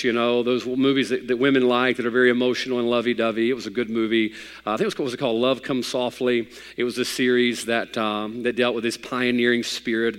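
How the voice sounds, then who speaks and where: Folksy pastor in a reverberant church. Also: male voice, medium pitch, a bit bright. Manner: folksy storytelling, rising to emphatic preaching. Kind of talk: sermon. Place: church hall. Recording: long hall reverb.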